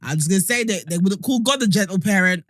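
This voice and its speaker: Animated young woman podcaster. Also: medium pitch, fast talker, no room sound. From Nigeria. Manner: animated, joking, acts out comic voices. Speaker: podcast co-host. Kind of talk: casual chat.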